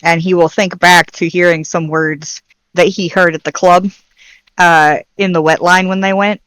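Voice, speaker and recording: A man's voice: sits high, flat delivery, moderate pace, fairly bright tone, clear, resonant tone. A man playing in a tabletop game session, describing his character's actions in an easygoing way. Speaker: player. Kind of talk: casual tabletop play.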